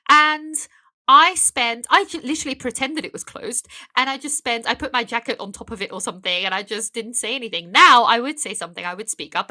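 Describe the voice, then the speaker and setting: Young adult woman, podcast guest, higher register, bright tone, emphatic and earnest. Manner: earnest and emphatic, many fillers and restarts. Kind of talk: casual conversational interview.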